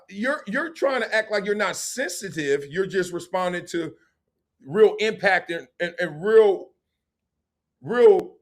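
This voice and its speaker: A man hosting a sports talk show, talking animatedly and acting out quotes in character voices. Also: sits high. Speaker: show host.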